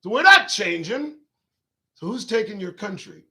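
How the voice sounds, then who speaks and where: A man's voice: high-pitched, very animated, normal speed, sharp tone. A man hosting his own talk show, riffing in a casual live-stream monologue to viewers' chat, profane, rambling and emphatic.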